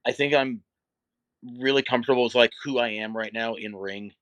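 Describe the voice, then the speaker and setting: A man's voice: mid-range voice, fairly even intonation, normal speed, a bit bright, dry recording. A middle-aged man, a wrestler guest, talking candidly and reflectively in a casual interview, with many fillers.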